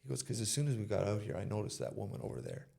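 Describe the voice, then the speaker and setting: Guy on a podcast telling a story, super gravelly low tone, acts out what everyone said. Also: sing-song, rapid-fire, dark tone. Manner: retells conversations in casual quoted speech. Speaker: interview guest.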